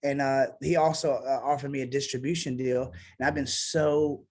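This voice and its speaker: A man's voice: mid-range voice, steady tone, normal speed, darkish tone. A man, a musician guest talking casually and bluntly in an interview, swearing now and then. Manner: blunt, swearing, self-assured.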